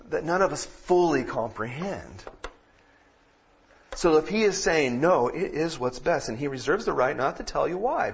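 A man preaching a sermon, moving from calm teaching to loud, emphatic peaks. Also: medium pitch, muffled recording, slight background noise. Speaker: pastor.

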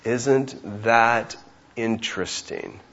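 A man's voice: medium pitch, very slow, fairly bright tone, lo-fi sound. A man preaching an expository sermon, who keeps asking rhetorical questions and acts out the voices of the people in the story.

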